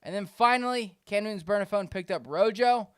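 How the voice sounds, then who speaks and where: A man co-hosting a casual fantasy football podcast, reading out names with animated delivery and frequent laughs. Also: high voice, brisk, smooth, no room sound, clean studio sound. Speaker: podcast co-host. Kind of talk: casual chat.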